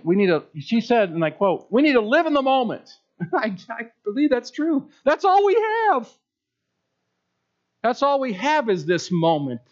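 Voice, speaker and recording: A male pastor preaching with emphatic swells and drops. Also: sits high. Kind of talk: sermon. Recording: dull lo-fi sound.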